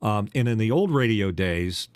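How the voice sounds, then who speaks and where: Older man with a deep radio voice. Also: lively intonation, normal speed, no room sound. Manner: teasing, storytelling, drifts into a trained radio voice. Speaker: podcast co-host, former radio DJ. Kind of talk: casual podcast chat.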